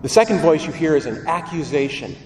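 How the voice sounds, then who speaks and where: A man's voice: a little high, animated, fairly quick, darkish tone, a little hiss or hum. A man, a priest, giving a homily in a church, with a dramatic delivery that acts out the voices he quotes. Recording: roomy church reverb from a distance.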